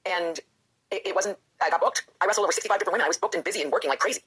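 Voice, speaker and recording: A woman's voice: fairly low pitch, racing, a bit bright, slightly rough. A woman, a professional wrestler and author, talking candidly and with feeling in an interview, often acting out her own inner voice.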